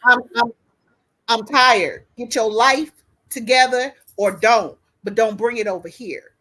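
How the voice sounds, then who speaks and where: A woman's voice: a little high, unhurried, fairly bright tone. A woman in her fifties co-hosting a casual discussion, talking bluntly and profanely with a fired-up edge. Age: 50s. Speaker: podcast co-host.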